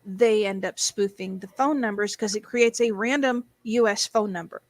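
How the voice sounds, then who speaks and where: A podcast host with a medium-pitched voice talks at normal speed with no echo. She chats freely, reads her notes aloud and hums while searching for things.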